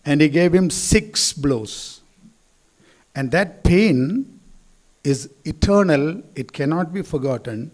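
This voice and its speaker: A man's voice: a little high, animated, slow pace. Man telling stories in a speech. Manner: storytelling, acting out quotes. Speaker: school chairman. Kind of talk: speech at a school event. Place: school hall.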